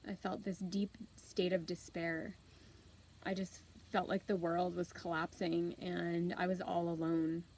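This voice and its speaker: Low-voiced woman in her thirties, earnest. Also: little pitch movement, creaky, slight background noise, low-quality recording. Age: 30s. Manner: open, earnest and unhurried, with soft pauses. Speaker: host. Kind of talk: reflective personal storytelling.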